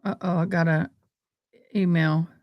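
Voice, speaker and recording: Slow, dry-voiced woman chatting. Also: fairly low pitch, flat delivery, no echo, lo-fi sound. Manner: rambling, exclaiming, self-interrupting. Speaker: livestream host. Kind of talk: casual livestream chat.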